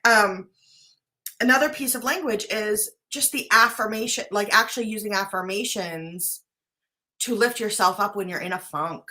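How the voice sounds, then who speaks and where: A woman's voice: medium pitch, normal speed, pushed and bright. A woman life coach talking casually to her viewers, earnest and chatty, often checking in with "right?". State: briefly choked up at times. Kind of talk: casual talk to camera.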